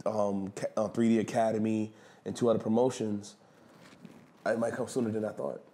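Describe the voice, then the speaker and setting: A man's voice: fairly low pitch, normal speed. A man being interviewed, telling a backstage story in slangy casual speech, swearing freely and acting out what others said. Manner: animated storyteller who acts out quotes loudly. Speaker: wrestler and guest.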